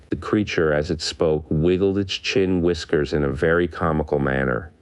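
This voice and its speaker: Low smooth guy reading an audiobook, dry close sound, nudges his voice up a bit for the characters. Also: steady tone, normal speed, few pauses, no echo. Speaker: audiobook narrator. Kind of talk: scripted narration.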